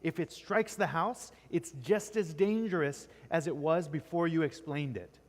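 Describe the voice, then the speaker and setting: In a church classroom, a man teaches poetry at a measured pace, his voice a little high. He quizzes students constantly and caps almost every point with "right?", all captured with long, echoing reverb.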